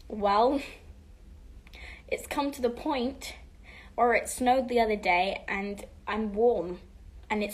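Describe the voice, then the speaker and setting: Bubbly and talkative, a teen girl with a fairly high voice fields fan questions during a casual livestream. She drifts back and forth between English and Spanish, frequently lowering her voice to a whisper.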